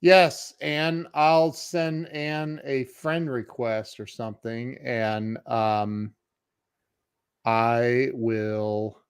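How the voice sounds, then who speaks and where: Male podcast host, relaxed unhurried delivery, dry recording, upbeat reactions. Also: mid-range voice, clean tone, no echo. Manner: enthusiastic, chatty reactions. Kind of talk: casual conversation.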